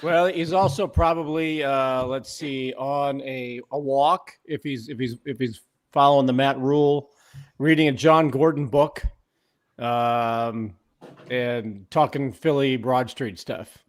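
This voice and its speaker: A man's voice: mid-range voice, steady tone, takes it slowly. A man co-hosting a sports talk show, making his points emphatically and repeating them, with fillers like uh and um. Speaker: sports radio co-host.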